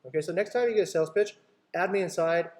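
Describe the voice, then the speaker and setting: A man's voice: high voice, fast talker. A man, a company boss, coaching his sales team in an online meeting, acting out client talks and often checking in with "right?". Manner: lively, acts out client dialogues, keeps asking "right?".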